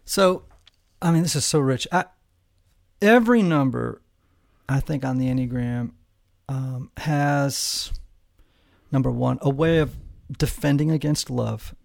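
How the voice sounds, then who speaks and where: A man hosting a casual conversation, joking and expressive as he asks questions. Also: medium pitch, measured pace, creaky, long pauses, no room sound, studio quality.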